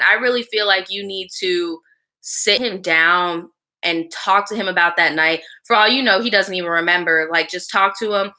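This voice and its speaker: Woman host w a super bright edgy voice, reads viewer stories, cusses, talks to chat. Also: fairly low pitch, normal speed. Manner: blunt, casual and slangy, with frequent swearing; chats back to live viewers between lines. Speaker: live show host. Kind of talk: reading a viewer's story aloud and giving advice.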